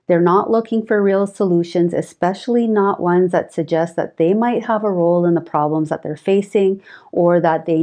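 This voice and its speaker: A woman presenting relationship advice in a calm, measured, scripted monologue. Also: lowish voice.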